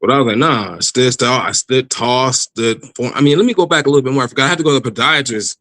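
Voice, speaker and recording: A man telling his personal faith testimony in a casual interview, animated, laughing often and restarting his sentences. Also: medium pitch, racing, no room sound, rough recording. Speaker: guest giving testimony.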